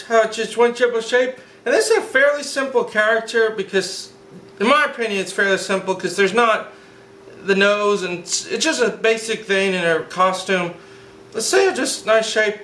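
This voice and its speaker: A man hosting a drawing tutorial from home, talking in an excitable, rambling, hyper way. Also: high-pitched, a little hiss or hum. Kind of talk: casual drawing lesson. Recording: echoey room.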